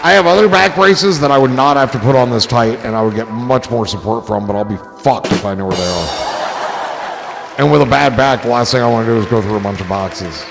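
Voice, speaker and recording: Brisk and mid-range, this man's voice carries a rambling livestream chat full of swearing and jokes, with sentences that frequently trail away. The recording has clear music and crowd noise in the background.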